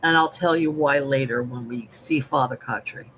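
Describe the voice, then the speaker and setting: A podcast co-host chatting through a show recap, quick to laugh and jump in. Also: mid-range voice, a bit bright, a little hiss or hum, rough recording.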